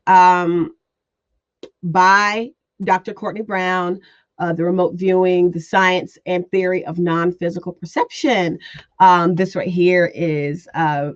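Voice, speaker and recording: A woman's voice: on the low side, a little mellow, dry recording, muffled recording. A woman teaching remote viewing in a spoken presentation, earnest, repeating phrases with many fillers.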